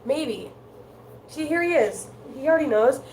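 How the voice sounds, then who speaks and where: A woman's voice: high-pitched, expressive, normal speed, darkish tone, a little hiss or hum, poor audio. A woman doing a casual tarot reading, rambling and chatty, with lots of filler words. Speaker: tarot card reader.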